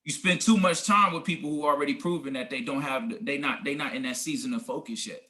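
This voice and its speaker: Forceful, bright-voiced motivational man. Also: mid-range voice, fast. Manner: preachy, emphatic, slangy, addresses listeners as guys and family. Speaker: team leader coaching a business group. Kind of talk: motivational talk on a group call.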